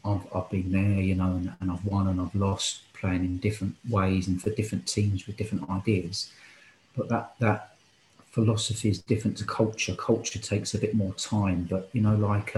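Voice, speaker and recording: Man, football coach, earnest, impassioned, thinking aloud, somewhat deep voice, echoey room. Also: a little mellow, a little hiss or hum. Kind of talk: casual podcast interview. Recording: roomy echo.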